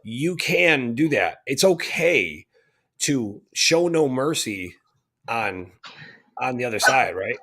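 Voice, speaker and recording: A man's voice: mid-range voice, sing-song, slow, fairly bright tone. A man co-hosting a casual spiritual talk show, speaking reflectively and hesitantly, often repeating words as he thinks. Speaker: co-host.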